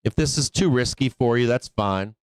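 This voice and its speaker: A man's voice: mid-range voice, moderate pace, clear, resonant tone, no echo. A man hosting a live stock trading stream, talking casually and profanely, laughing often and answering imagined viewer questions himself. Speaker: trading show host. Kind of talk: live market commentary stream.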